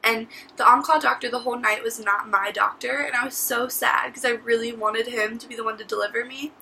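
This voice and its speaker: A woman's voice: a little high, steady tone, brisk, gravelly, pushed and bright, slight background noise, low-quality recording. A teenage woman telling her story to camera in a casual vlog, chatty and full of "like" and "literally.". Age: teens. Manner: chatty, says "like" and "literally" a lot. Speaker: vlogger.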